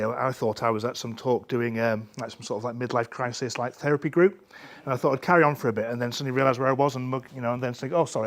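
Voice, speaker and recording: A man with a Northern English accent giving a rambling, self-deprecating lightning talk full of fillers and restarts. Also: medium pitch. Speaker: conference speaker.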